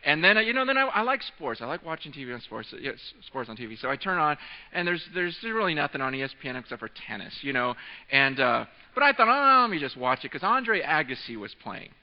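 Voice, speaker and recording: A man in his thirties preaching a sermon, telling a story with excitement, often repeating and restarting his words. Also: on the high side, fast. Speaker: pastor. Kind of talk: sermon with an animated storytelling aside. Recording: echoing hall, dull lo-fi sound.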